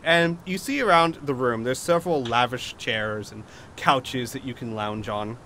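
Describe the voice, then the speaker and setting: A man's voice: mid-range voice, measured pace, few pauses, bright, forceful tone, a little hiss or hum. A man narrating a tabletop role-playing game as game master, rambling at times with fillers and restarts.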